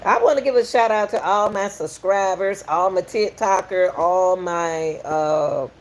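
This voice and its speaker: Middle-aged Southern woman, low-ish voice, folksy live-stream host who keeps calling viewers in. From Atlanta, USA. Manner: welcoming, repetitive, folksy, reads out chat. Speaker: podcast host.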